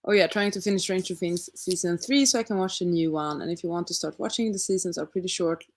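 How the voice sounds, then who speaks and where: A young woman with a lowish voice talks fast as she casually chats with her stream audience. Hosting a livestream and reading chat, she thinks aloud and tosses out rhetorical questions.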